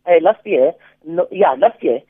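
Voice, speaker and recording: A man calling in to a talk show, speaking haltingly and often repeating words as he makes his point. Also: fairly high pitch, expressive, slightly rough, no echo. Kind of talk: phone-in commentary. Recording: tinny phone line.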